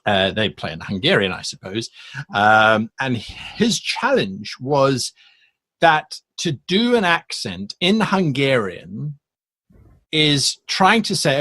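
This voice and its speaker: A man talks at an even middle pitch, thinking aloud and restarting his sentences often. His voice sits dry and close to the mic, with no room around it. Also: slow, no room sound. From South Africa. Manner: thoughtful, rambling with many restarts. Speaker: guest, game master YouTuber. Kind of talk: casual interview chat.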